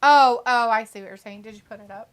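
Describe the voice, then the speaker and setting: A woman's voice: fairly high pitch, quick pace, clean tone. A woman co-hosting a wrestling watch-along live stream in casual chat, reading viewer comments aloud and reacting to them. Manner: chatty, reads chat messages then reacts.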